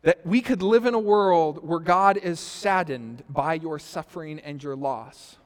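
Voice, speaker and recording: Male pastor, 30s, high voice, storytelling sermon, big echoing hall. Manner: storytelling with quoted asides, rising and falling loudness. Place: church sanctuary. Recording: reverberant church hall.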